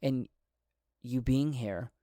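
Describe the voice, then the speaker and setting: A man narrating a solo tabletop game and voicing a calm, persuasive male rebel who negotiates diplomatically. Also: mid-range voice, dry recording, clean studio sound, lightly acted. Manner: measured, diplomatic.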